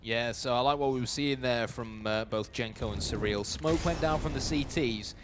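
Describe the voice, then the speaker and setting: A man giving live esports play-by-play commentary, building to shouts on big plays. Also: mid-range voice, moderate pace, noisy background.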